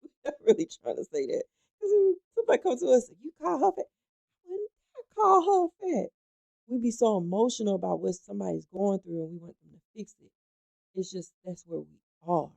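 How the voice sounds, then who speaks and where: Woman dishing gossip to her viewers, super gravelly, dark mellow tone, dull lo-fi sound. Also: medium pitch, lively intonation, fast talker, no room sound. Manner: emphatic, chatty, addresses viewers directly. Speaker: talk show host. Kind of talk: animated gossip commentary.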